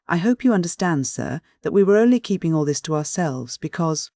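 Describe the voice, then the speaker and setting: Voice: mid-range voice, lively intonation, a little mellow, no echo, studio quality, lightly acted. A narrator playing a flustered young suitor. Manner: flustered, halting restarts.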